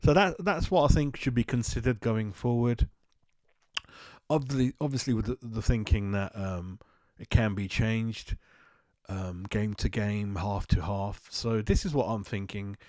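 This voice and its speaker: A man's voice: on the low side, fairly even intonation, measured pace, mellow, dry recording. A man from West London with a London accent, hosting a football fan channel in a casual, rambling, blunt monologue. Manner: rambling, blunt, self-mocking.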